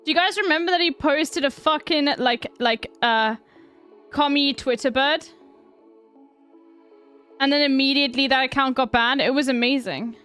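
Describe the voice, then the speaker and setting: A woman's voice: sits high, moderate pace, pauses often, fairly bright tone, soft background music. A woman streamer chatting casually while reacting to news, giggling often and trailing off mid-sentence. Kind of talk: casual chat.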